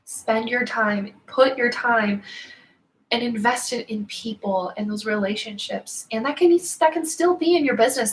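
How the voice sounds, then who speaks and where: A woman's voice: on the high side, fairly bright tone, poor audio. A woman in her thirties hosting a live-stream motivational talk in a casual, earnest, chatty way with slang. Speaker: host of a live video show.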